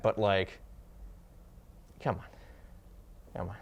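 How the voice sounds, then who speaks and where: Man, gaming show co-host, sarcastic, lively swinging pitch, casual. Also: moderate pace, long pauses, smooth, muffled recording. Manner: sarcastic, animated. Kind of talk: casual gaming news chat.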